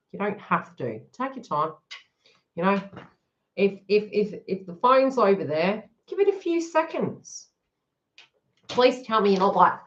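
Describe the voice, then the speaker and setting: A woman's voice: medium pitch, very animated, unhurried, muffled recording. A woman giving a live card reading to her viewers, talking frankly and joking as she goes. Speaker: tarot reader.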